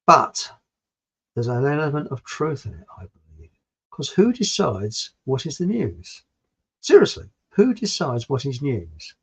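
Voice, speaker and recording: A man's voice: mid-range voice, huge pitch swings, unhurried, fairly bright tone, husky. A man hosting his own channel, giving a blunt, digressive opinion monologue with frequent restarts and some mild swearing. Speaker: channel host. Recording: dull lo-fi recording.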